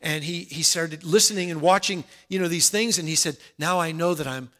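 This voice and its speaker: A man preaching a sermon in an earnest, conversational way, dropping soft and then rising loud. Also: fairly high pitch, fairly quick.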